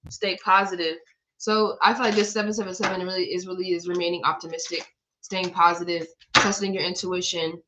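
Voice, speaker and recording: A woman's voice: fairly low pitch, little pitch movement, a little fast, background noise. A woman giving a casual spiritual card reading in a blunt, profane way, laughing at herself. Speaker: tarot reader.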